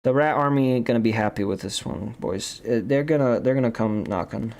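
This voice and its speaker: A man's voice: medium pitch, a little fast, creaky, darkish tone. A young man streaming while he draws, rambling in goofy casual chat, full of restarts and jokes. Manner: goofy, jokey, repeats and restarts, says dude a lot.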